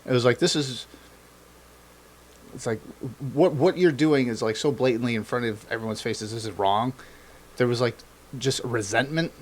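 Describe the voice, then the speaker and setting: Male podcast co-host, casual and profane, mid-pitched, lively delivery with mimicked quotes. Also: normal speed, long pauses. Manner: animated, swearing, acts out quoted politicians. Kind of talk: casual political chat.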